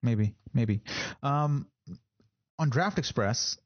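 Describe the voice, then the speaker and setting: Male podcast host, husky voice, rambling casual sports talk, slightly dull lo-fi sound. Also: medium pitch, drawn-out words. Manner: rambling, repeats words with filler.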